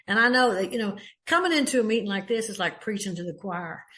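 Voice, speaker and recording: A woman's voice: medium pitch, animated, quick pace, fairly bright tone. An older woman from Texas with a Texan accent, speaking at a recovery meeting in a folksy, chatty way with many fillers and restarts. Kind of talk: personal share at a meeting.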